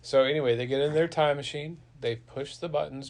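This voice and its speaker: A man's voice: on the high side, steady tone, brisk, darkish tone. A man improvising a playful story for a child, with sound effects and an easy, chatty delivery. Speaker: parent telling a bedtime story.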